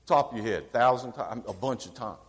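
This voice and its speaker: A man preaching a sermon who swings from quiet asides to emphatic declarations and asks his congregation questions. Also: mid-range voice, fairly quick, in a large hall.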